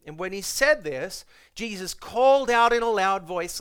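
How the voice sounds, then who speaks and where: A male pastor preaching a Sunday morning sermon, animated and acting out the lines he quotes, often repeating his words. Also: high voice, moderate pace, smooth.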